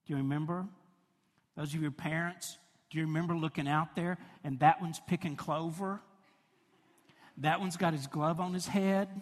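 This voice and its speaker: A middle-aged man preaching a sermon, telling stories in a chatty, conversational way and laughing along. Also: a little high. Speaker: pastor. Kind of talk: sermon with personal storytelling. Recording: long hall reverb.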